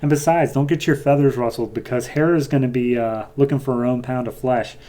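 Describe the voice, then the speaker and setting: A man's voice: mid-range voice, fairly even intonation, brisk, dark tone, close to an everyday voice. A man voicing a sly, mocking goddess woman while retelling a comic, in a taunting sing-song.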